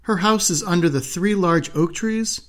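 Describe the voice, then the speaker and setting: A man voicing an innocent, trusting young girl in a fairy tale, speaking gently and earnestly. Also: high-pitched, normal speed, voice pushed up. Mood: polite.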